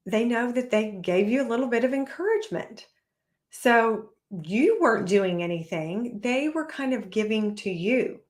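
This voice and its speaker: A woman in her forties hosting a solo parenting podcast, talking in a lively way and acting out what her kids say. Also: medium pitch. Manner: animated, acts out kids' voices. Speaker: podcast host.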